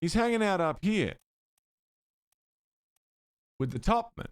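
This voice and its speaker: A man's voice: high voice, slow pace, long pauses, smooth, no room sound. A man streaming a puzzle game, thinking aloud, muttering guesses and swearing now and then. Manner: bursts of excited chat greeting viewers. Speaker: livestreamer playing a puzzle game. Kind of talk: live gameplay commentary.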